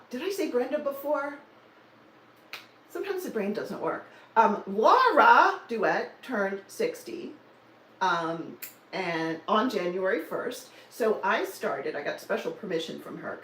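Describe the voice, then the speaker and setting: A woman's voice: mid-range voice, fairly bright tone, a little hiss or hum. A woman in her sixties chatting casually and teasingly on a home live stream, laughing often. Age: 60s. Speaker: cross-stitch vlogger. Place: home in Denver. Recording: roomy, slightly distant mic with faint ambience.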